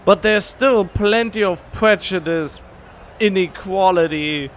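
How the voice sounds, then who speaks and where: High-voiced man mocking a game. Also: slow pace, a little hiss or hum. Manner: mocking, laughing, talking back at the game. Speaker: let's play host. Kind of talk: casual gameplay commentary. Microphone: USB desk microphone.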